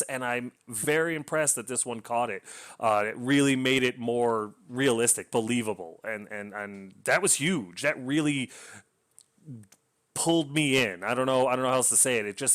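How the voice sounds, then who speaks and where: A man's voice: mid-range voice, a bit bright. Rambling male book reviewer. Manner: rambling, frequent restarts and filler, enthusiastic. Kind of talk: casual spoken book review.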